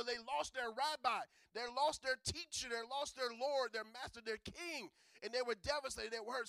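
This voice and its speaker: A man preaching a sermon, chatty and joking, building to loud, emphatic preaching. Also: extremely high pitch, gravelly, dry recording. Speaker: pastor.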